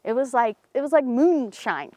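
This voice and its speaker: A woman outdoors in a cemetery, telling a story casually and acting out the voices of the people in it. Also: normal speed. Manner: animated, acts out quoted voices in a higher pitch. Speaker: paranormal team member telling a local story.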